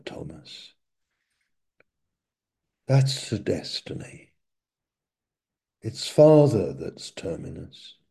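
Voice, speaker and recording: A man preaching a sermon in a slow, reflective way, often sinking to a quiet murmur. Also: fairly low pitch, creaky.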